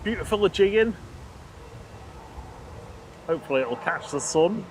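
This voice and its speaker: A man's voice: high-pitched, lively intonation, a little slow. A man casually commentating on planes as co-host of a live plane-spotting stream, chatty and laughing often. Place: outdoors by an airport. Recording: outdoor noise behind, aircraft and traffic.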